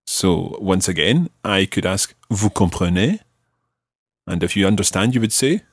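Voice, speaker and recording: A man's voice: sits low, animated, a little slow, slightly rough, no echo, clean studio sound. A man teaching a language lesson on a podcast, patiently prompting his learner with questions.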